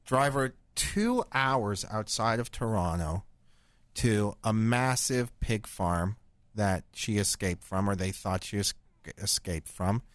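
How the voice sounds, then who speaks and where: A man hosting a podcast, spinning a crude, rambling tall tale in a deadpan, profane way. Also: fairly low pitch, slow, dry recording. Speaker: podcast host. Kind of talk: crude comedic storytelling.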